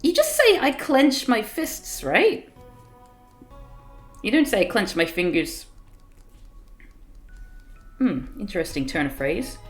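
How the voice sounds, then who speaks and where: Animated woman streamer with wry asides. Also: on the low side, takes it slowly, long pauses, soft background music. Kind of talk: live game stream, reading aloud and chatting.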